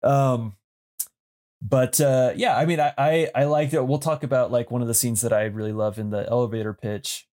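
A man's voice: mid-range voice, steady tone, normal speed, darkish tone. Hesitant man in his thirties chatting about films. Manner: thoughtful, hesitant with many ums and restarts. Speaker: podcast co-host. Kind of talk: casual movie podcast chat.

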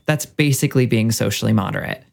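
A man's voice: medium pitch, quick pace, vocal fry, darkish tone. A man chatting casually about politics, retelling conversations with quoted lines.

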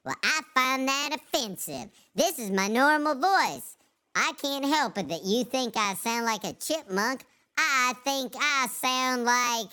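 A giddy, squeaky chipmunk-voiced man. The voice sits very high and bright and leaps wildly up and down. Gleeful and excitable. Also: takes it slowly, clean tone, exaggerated voice. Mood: indignant.

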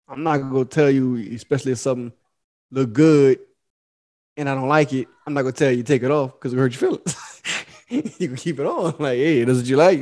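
A man's voice: mid-range voice, darkish tone. A young adult man co-hosting a casual podcast, telling loose stories with laughs and acting out the people he quotes. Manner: loose, laughing storyteller, acts out quoted voices. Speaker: podcast co-host.

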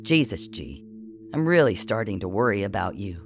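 A man voicing a blunt, sarcastic, scolding middle-aged woman in an audiobook, forceful and bossy. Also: fairly low pitch, very animated, normal speed, voice pushed down. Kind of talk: audiobook character voice.

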